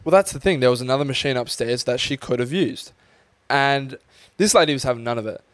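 A man's voice: mid-range voice, brisk, dry recording. A young man, co-hosting a casual podcast and telling a story with lots of swearing and acted-out quotes. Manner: animated, swears freely, acts out quotes. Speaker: podcast co-host.

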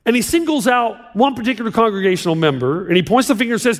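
A man preaching a sermon as pastor, animated and joking with a live audience in a large hall. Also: very high-pitched, a little fast. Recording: long hall reverb.

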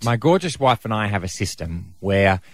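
A man's voice: fairly low pitch, moderate pace, soft background music. A man hosting breakfast radio, telling stories in casual banter. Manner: animated storyteller.

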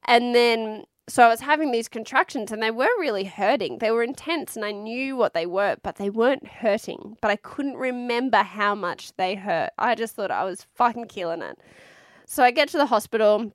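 A woman's voice: fairly high pitch, moderate pace, no room sound, clean studio sound. A woman, frankly recounting her birth story in a casual, chatty way, swearing freely.

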